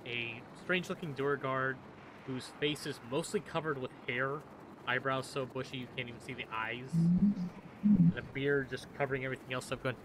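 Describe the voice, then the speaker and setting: Male game master, measured scene-setting narration, noise behind. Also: medium pitch. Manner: slow, descriptive narration. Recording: noisy room recording.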